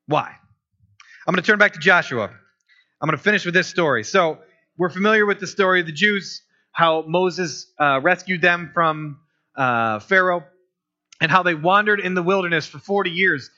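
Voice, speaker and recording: A man delivers a conversational sermon, leaning on questions to the congregation. His voice sits fairly high and cuts through with a sharp, bright edge. The recording is dull and lo-fi. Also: normal speed. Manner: conversational preaching with rhetorical questions. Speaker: pastor.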